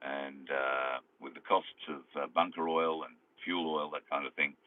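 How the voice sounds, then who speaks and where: A man's voice: rumbling low, little pitch movement, a little slow, no room sound. An Australian man chatting live to his viewers from his car while driving, rambling along with plenty of fillers. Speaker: live streamer. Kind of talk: casual live chat to viewers. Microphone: phone. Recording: tinny phone-like sound over phone.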